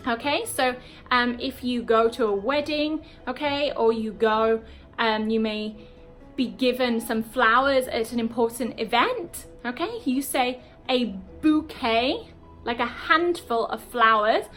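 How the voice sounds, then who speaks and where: British woman teaching English words slowly. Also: fairly high pitch, a bit bright, faint music behind. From Britain. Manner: explains slowly, repeats words, frequent "okay?". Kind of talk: casual video lesson.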